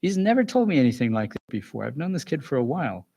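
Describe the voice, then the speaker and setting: A man giving a calm, earnest talk to parents as a school psychologist, pausing and restarting now and then. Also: medium pitch, vocal fry. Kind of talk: recorded lecture for parents.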